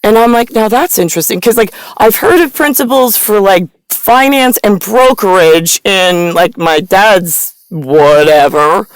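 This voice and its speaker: A woman talks straight to camera in a rambling, profane monologue. Her voice sits mid-pitch and sounds close and dry, with little room around it. She swings from muttered asides into loud, shouted rants. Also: unhurried, hardly any pauses, clear, resonant tone, dry recording, rough recording. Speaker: vlogger.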